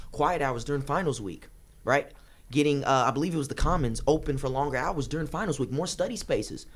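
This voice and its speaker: A young man running for student government, answering a debate question in an impassioned, fast-rushing way, repeating phrases for emphasis. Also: fairly high pitch. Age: young adult. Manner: rapid, rushing delivery.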